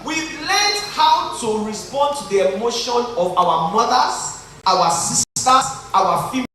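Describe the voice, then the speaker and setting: Animated Nigerian man in an echoey hall. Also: very high-pitched, unhurried, distant mic, a little hiss or hum. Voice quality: animated storyteller, joking and earnest by turns. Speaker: conference speaker. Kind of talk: motivational talk to a live audience. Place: large conference hall.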